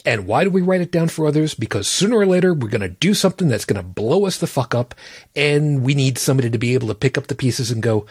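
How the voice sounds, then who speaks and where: A man's voice: mid-range voice, animated, fast, husky, no echo, clean studio sound. A man co-hosting a casual podcast panel chat, blunt and profane as he explains his point. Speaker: podcast co-host.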